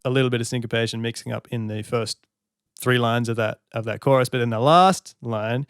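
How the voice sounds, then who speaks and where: Man analysing songs, smooth clear voice, dry close sound, sings snippets to demonstrate. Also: mid-range voice, level tone, brisk, no echo, soft background music. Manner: breaks off to sing and count beats to demonstrate. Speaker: songwriter reacting to an album. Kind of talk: music analysis commentary.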